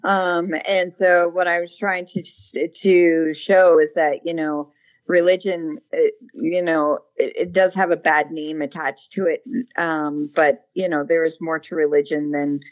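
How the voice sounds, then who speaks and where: Lo-fi, low-voiced woman explaining at length. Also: flat delivery, a little slow. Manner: thoughtful, many fillers and restarts. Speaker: researcher guest. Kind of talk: conversational interview answer.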